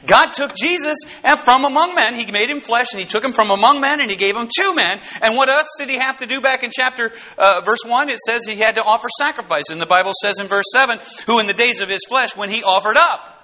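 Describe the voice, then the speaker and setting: A man preaching a sermon, fervent and folksy, repeating words and rising to shouts on key points. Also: very high-pitched, brisk, hardly any pauses.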